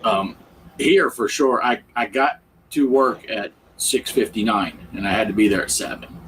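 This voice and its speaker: A man's voice: on the low side, moderate pace, fairly bright tone, slight background noise, rough recording. A man hosting a casual livestream chat, telling rambling stories. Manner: chatty, rambling storyteller. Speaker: livestream host.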